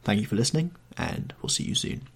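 A man who hosts a storybook podcast, reading a classic novel aloud in a measured, expressive way. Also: on the low side, creaky, slightly rough. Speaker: podcast host and reader. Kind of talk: scripted narration of a classic novel.

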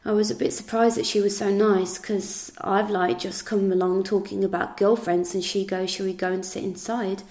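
An English woman, interviewed about events, gives a first-person account at a moderate pace with few pauses, quoting what people said and using many fillers. Her voice is medium in pitch, slightly mellow, and moves little in pitch.

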